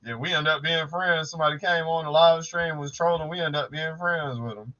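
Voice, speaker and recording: A man's voice: on the high side, steady tone, a little fast, bright, forceful tone, dull audio, faint music behind. A man co-hosting a casual late-night live stream, laid-back and profane, chatting about mutual friends and store hunts.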